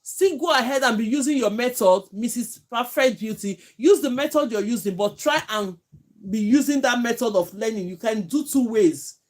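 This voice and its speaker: A Nigerian woman with a Nigerian accent teaches hair braiding on a live stream from home, chatting and thanking viewers by name. Her voice is fairly high, at a moderate pace.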